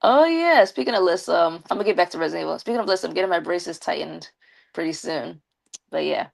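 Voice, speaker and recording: Woman, live streamer, slight lisp, vocal fry, fairly low voice, chatty, talks to viewers. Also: expressive, brisk. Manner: chatty, talks straight to viewers, gives shout-outs. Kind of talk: casual live-stream chat.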